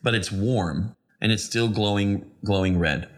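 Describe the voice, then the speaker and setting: A man's voice: on the low side, a little slow. A young man running a tabletop game as game master, describing scenes in loose, rambling sentences full of restarts. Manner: rambling, many restarts and fillers.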